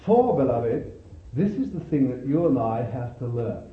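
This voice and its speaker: A man's voice: mid-range voice, a little slow. A man preaching a sermon, reading scripture aloud and exhorting his listeners. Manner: expressive Bible reading and exhortation. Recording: echoey, tinny old sermon recording.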